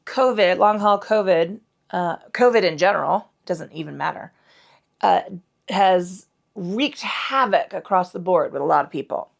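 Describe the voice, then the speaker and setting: Her voice is lowish and animated, unhurried, with vocal fry: a middle-aged woman teaching a casual yoga class indoors at home. She meanders, swears with abandon, and jokes at her own expense.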